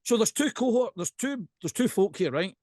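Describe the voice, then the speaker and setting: A man with a Scottish accent, a podcast guest and pipe band drummer, chatting casually in an animated ranting way and often checking in with "right?". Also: sits high, normal speed, no room sound, studio quality.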